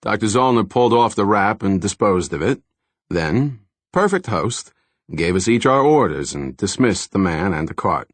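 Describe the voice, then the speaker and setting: A man's voice: on the low side, lively intonation, moderate pace, no echo. A man narrating a first-person thriller audiobook in a dry, wry storytelling manner, close to a studio mic.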